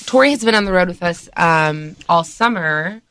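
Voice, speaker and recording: A woman, a band member, answering questions in a relaxed interview. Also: fairly low pitch, moderate pace, slight background noise. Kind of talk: casual interview.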